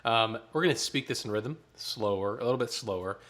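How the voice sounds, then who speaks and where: A man's voice: mid-range voice, brisk. Man leading choir rehearsal. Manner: instructive, counts and sings parts aloud. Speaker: choir director. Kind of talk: online choir rehearsal instruction.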